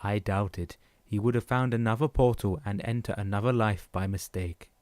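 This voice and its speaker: A man reads as a calm, knowing old man who carves amulets, speaking slowly and evenly in a low, mellow voice. The storybook voice is dry and close. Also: no echo, lightly acted.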